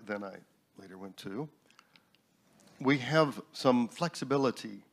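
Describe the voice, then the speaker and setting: A man shares a personal story in a relaxed panel discussion. His voice sits at an ordinary middle pitch, and he slips humorous asides into his telling. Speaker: New Thought minister and instructor. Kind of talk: casual panel talk.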